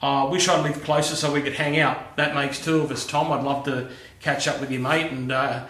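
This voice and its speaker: A middle-aged Australian machining YouTuber talks casually to camera in his home workshop, where the sound is reverberant. His medium-pitched voice is a bit bright and level at normal speed, and he's friendly and matey, calling people "mate".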